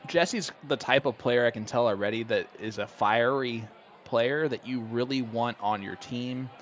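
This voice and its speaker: A man's voice: medium pitch, moderate pace, a bit bright, muffled recording, a little hiss or hum. A man doing live darts commentary, chatty and enthusiastic, joking with his co-hosts.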